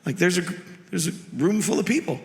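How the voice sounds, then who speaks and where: A man preaching a sermon as pastor, animated and jokey, acting out quotes from the passage. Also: sits high, a little fast. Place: church sanctuary. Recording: echoey church hall.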